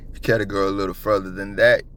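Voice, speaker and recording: A middle-aged man from South Florida giving casual, blunt and profane commentary on a video, talking fast and stumbling over his words. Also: lowish voice, little pitch movement, a bit bright, a little hiss or hum. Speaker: copwatch commentator.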